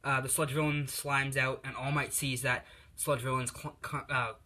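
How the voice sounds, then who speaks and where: A man's voice: medium pitch, level tone, moderate pace, pushed and bright. A man casually telling a fan story, rambling with lots of fillers and restarts.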